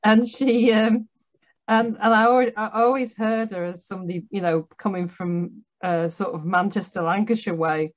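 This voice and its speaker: A woman with a Northern English accent hosts a casual chat about writing, talking freely and laughing often. Her voice sits at a middling pitch. The audio is dull and lo-fi. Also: steady tone, normal speed. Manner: chatty, laughs often, many restarts. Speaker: host.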